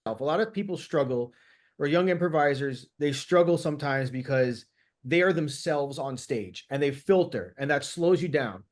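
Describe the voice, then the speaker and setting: A male host asking questions in a relaxed interview, stopping and restarting as he works his way through them. His voice sits a touch higher than most men's. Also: normal speed. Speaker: host, improviser. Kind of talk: casual interview.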